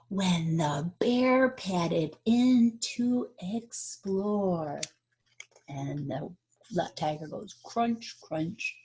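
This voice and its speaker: Reading a picture book aloud to children, a woman teacher with a fairly low voice draws out key words for effect and pauses to quiz her young listeners on rhymes. There's a faint hiss or hum in the recording.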